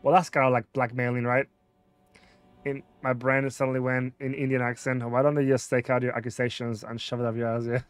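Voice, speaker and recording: A man's voice: mid-range voice, level tone, a little fast, smooth. A man streaming a video game, casually reading out dialog choices and thinking aloud about what to pick. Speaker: gameplay streamer. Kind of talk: casual let's-play commentary.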